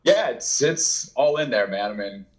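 A man's voice: mid-range voice, moderate pace. A man speaking as an author guest in a casual interview, telling a long, rambling story and acting out what people said. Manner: rambling, animated, acts out quotes with laughs.

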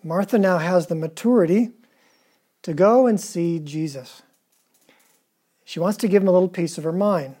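Preacher, mellow tone, retells scripture casually and keeps asking the room questions. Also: mid-range voice, moderate pace, long pauses, husky. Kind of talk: conversational sermon.

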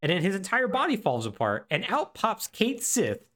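A man co-hosting a podcast, recapping a game with animated, sarcastic storytelling. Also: high-pitched, moderate pace. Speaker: podcast co-host.

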